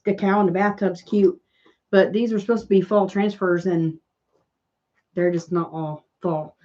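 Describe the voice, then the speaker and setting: A woman's voice: fairly low pitch, steady tone, a little slow, mellow, dull audio. A woman with a Southern American accent hosting a casual crafting livestream, rambling and answering viewers' comments as she goes. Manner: rambling, chatty, reads and answers live comments.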